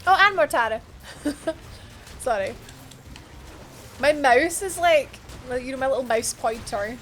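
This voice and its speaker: A woman with a high-pitched, expressive, somewhat bright voice streams a video game, speaking a little slowly over slight background noise. She chats with viewers and thinks aloud while she plays, often laughing and gasping.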